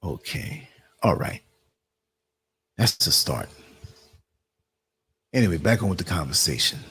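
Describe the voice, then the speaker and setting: A man's voice: low-pitched, big pitch swings, unhurried, pushed and bright, slightly rough. A man with a New York accent hosting a live online talk show, chatting casually and laughing often while he works the computer.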